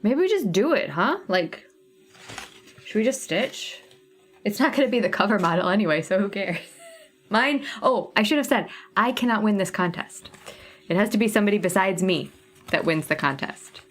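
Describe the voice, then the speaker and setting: This cross-stitch livestream host speaks at normal speed in an expressive, mid-range voice, with faint music in the background. She's chatty and casual, thinking aloud to viewers while sorting thread colors.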